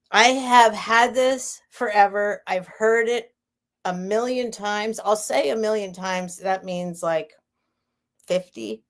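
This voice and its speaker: A woman casually chatting on a live stream as she hosts a vintage sale, rambling and laughing as she interrupts herself. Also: mid-range voice. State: near tears.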